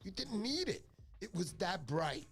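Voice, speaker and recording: A man's voice: sits high, big pitch swings, measured pace, creaky, a bit bright, slightly rough. A middle-aged man, hosting a fishing livestream in casual chat, joking and rambling through his stories. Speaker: fishing show host.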